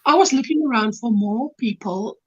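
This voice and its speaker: A woman's voice: fairly high pitch, moderate pace, a little mellow, breathy edge, dull audio. A woman with a South African accent, chatting casually as a guest in an interview and laughing as she explains things. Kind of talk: casual video-call interview. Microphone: video call.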